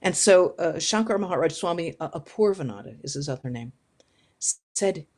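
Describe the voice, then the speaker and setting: A woman with a slightly low voice tells devotional stories to a live audience. She is animated and expressive and acts out the dialogue of those she quotes. Her talk has a casual flow with frequent restarts. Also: moderate pace. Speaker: spiritual teacher. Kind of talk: storytelling spiritual talk.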